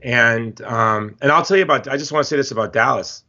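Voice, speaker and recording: A man's voice: medium pitch, fairly quick, sharp tone. Passionate man telling stories, lo-fi audio. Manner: passionate storytelling, emphatic repetition. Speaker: guest. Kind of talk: podcast interview. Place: Hawaii.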